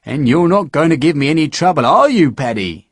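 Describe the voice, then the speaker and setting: Man as a booming, high-pitched drill sergeant, bullying and loud, in a dry close sound. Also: big pitch swings, fairly quick, dry recording. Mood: wheedling, menacing. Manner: booming, barking orders.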